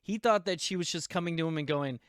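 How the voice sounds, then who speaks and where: A man's voice: fairly high pitch, fast talker, fairly bright tone, clean tone, no room sound, clean studio sound. A man hosting a podcast, rambling casually with lots of fillers and laughs. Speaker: podcast host. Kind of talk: casual chat.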